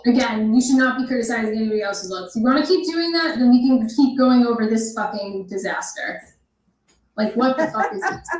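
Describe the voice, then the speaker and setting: A woman tears into someone during live reaction commentary, full of mockery and profanity. Her voice sits slightly high. The sound is echoey and roomy. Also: expressive, brisk, a little mellow. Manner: mocking, profane, scornful. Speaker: commentary host.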